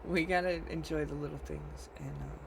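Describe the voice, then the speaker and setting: A man giving an informal livestreamed sermon, earnest and emotional, speaking haltingly while close to tears. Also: on the high side, wildly swooping pitch, gravelly, background noise. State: teary. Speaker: livestream preacher.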